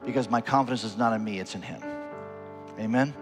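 A man's voice: brisk, music in the background. A male pastor preaching a sermon in an earnest way, voice rising and falling widely. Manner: earnest preaching with wide swings in pitch and loudness.

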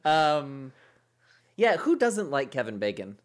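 Male podcast co-host, mid-pitched, halting, full of ums and uhs. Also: sing-song. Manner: hesitant, thinking aloud with many fillers. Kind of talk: casual chat.

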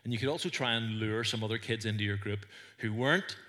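Speaking quickly in a lowish, bright voice, this man preaches with a forceful tone. He's a Northern Irish pastor giving an earnest church sermon, and his storytelling has a few small stumbles.

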